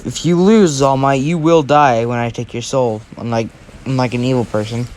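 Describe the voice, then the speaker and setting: Man voicing a teen devil boy, cocky, taunting, mid-pitched, told like a spoken story. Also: normal speed, a little mellow, lightly acted. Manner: casual, rambling delivery.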